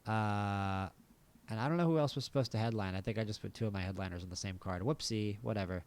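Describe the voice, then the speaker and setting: An American man with a fairly low voice talks through a game in a relaxed, offhand way. He thinks aloud as he plays, dropping wry little asides. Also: quick pace, clear, resonant tone. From United States. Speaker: gaming channel host. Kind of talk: casual gameplay commentary.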